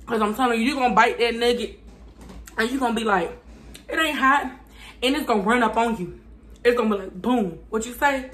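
A woman reviewing fast food on her channel. She chats casually with viewers, talks with her mouth full and hums between bites because the food is burning her mouth. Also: a little high, slight background noise. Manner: chatty, addresses viewers as y'all, hums while eating.

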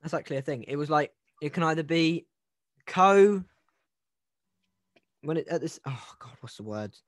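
Over a video call, a man with a slightly high, animated voice hosts a casual podcast at a moderate pace, retelling a true-crime case jokingly and ramblingly, restarting often. The sound is clean studio quality with no room sound.

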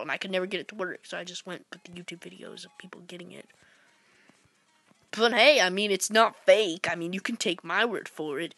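A woman giving goofy, playful commentary while playing retro games, jumping between whispers, squeals and shouts. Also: on the low side, fairly quick, no room sound. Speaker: gameplay commentator. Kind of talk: casual let's-play commentary.

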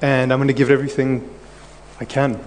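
A man's voice: mid-range voice, flat delivery, darkish tone. Nervous guy on a conference stage, stumbles and repeats words, big hall echo, faint hum behind. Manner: halting, repeats words, many fillers. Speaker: conference guest speaker. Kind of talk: on-stage conversation. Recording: hall reverb, faint background noise.

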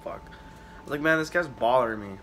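A man's voice: medium pitch, a bit bright, a little hiss or hum. Rambling, swearing young man vlogger. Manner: rambling, profane, halting with many fillers. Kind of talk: casual storytelling vlog.

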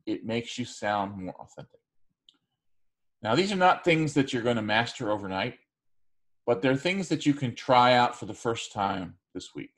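A man's voice: mid-range voice, expressive, normal speed. A man giving a recorded class lecture, speaking loosely with frequent fillers and restarts. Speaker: teacher.

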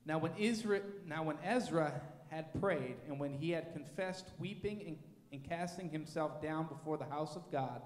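Male scripture reader, slightly high voice, measured delivery, long church reverb. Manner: measured, formal reading. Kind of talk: scripture reading. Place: church sanctuary. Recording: echoey church hall.

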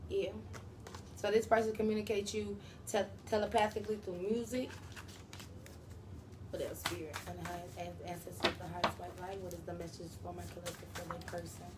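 A woman's voice: fairly low pitch, flat delivery, fairly quick, heavy background noise. Slangy, blunt woman tarot reader. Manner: slangy, profane, talks straight to the viewers. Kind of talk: casual tarot reading to viewers.

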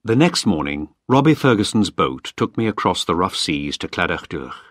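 Low-voiced man reading a story. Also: big pitch swings, moderate pace, no room sound, studio quality. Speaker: narrator. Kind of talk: scripted story narration.

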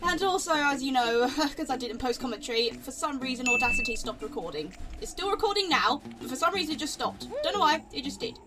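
Excitable high-voiced woman gamer. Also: fast talker, few pauses, noisy background. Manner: excitable, rambling, exclaims and repeats herself. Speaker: let's play gamer. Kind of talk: casual game commentary.

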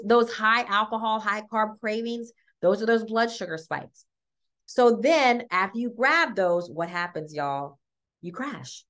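A woman's voice: a little high, fairly bright tone. A woman, giving an upbeat, chatty sales talk and often checking in with her listeners. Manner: chatty, upbeat, says "y'all" and "okay?" often. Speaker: wellness product presenter.

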